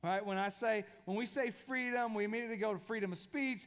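A man's voice: high-pitched, quick pace. A man preaching a conversational sermon as a pastor in a church, often repeating himself and restarting his sentences. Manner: conversational, with many restarts and filler. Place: church sanctuary. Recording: dull sound with long hall reverb.

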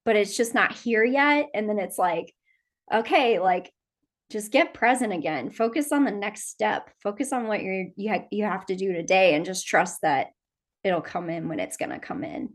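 A woman's voice: medium pitch, expressive, normal speed. A woman hosting a casual interview, affirming her guest and laughing often. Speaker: podcast host.

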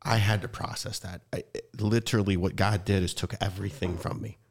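Male podcast host, deep and gravelly, emotional and rambling. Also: fairly even intonation, brisk. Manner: emotional, rambling with frequent restarts. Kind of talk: heartfelt conversational interview.

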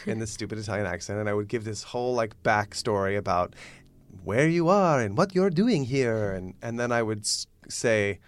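A man telling a funny theater anecdote as a podcast guest, lively and quick to slip into voices for his quoted lines. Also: lowish voice, dry recording. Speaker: guest storyteller. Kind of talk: animated anecdote.

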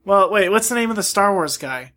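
Bright high guy goofing off on a podcast, laughs a lot. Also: expressive, brisk. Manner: jokey, laughs often, teasing. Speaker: podcast co-host. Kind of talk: casual chat.

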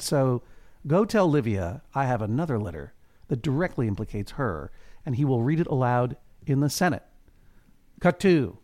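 A man's voice: mid-range voice, lively intonation, moderate pace, a little mellow. Wry man co-hosting a comedy recap. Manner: wry, playful, acts out characters in quoted voices. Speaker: podcast co-host.

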